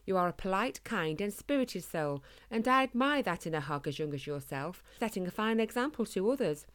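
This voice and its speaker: A woman's voice: medium pitch, lively intonation, a little fast, fairly bright tone, lightly acted. A woman voicing a gracious, posh-spoken elderly queen in a storybook. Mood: warm, regal. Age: older. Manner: posh, refined speech.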